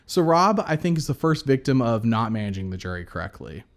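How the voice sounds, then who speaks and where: With a sing-song, brisk delivery and some vocal fry in his mid-range voice, a male podcast co-host chats casually. He rambles, often using fillers and starting over.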